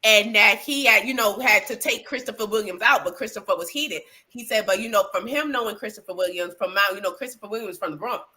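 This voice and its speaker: A woman co-hosting a casual gossip show, telling stories in an animated, profane way with lots of fillers. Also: medium pitch, fast, hardly any pauses. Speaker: podcast co-host.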